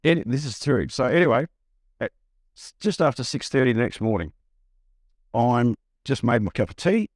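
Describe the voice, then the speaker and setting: Animated Australian man telling stories. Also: medium pitch, normal speed, pauses often, no room sound, clean studio sound. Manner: animated, acts out quoted voices, frequent restarts. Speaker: buyer's agent. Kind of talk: storytelling in a podcast interview.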